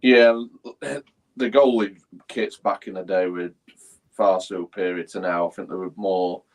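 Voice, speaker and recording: A male guest on a live-stream chat, heard over a video call. His voice sits a little low. He talks in an easygoing way and laughs along with the host. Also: steady tone, unhurried.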